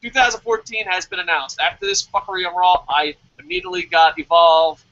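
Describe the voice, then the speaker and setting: A man from New Jersey co-hosting a casual wrestling review show, excitable and profane, with mock-formal bits. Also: sits high, fairly quick. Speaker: podcast co-host. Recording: dull lo-fi audio.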